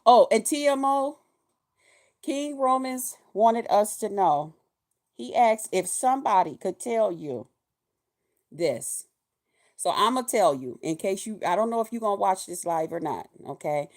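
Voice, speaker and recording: A woman in her fifties talking casually in a vlog, animated and profane, laughing often. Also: medium pitch, unhurried. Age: 50s. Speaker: vlogger.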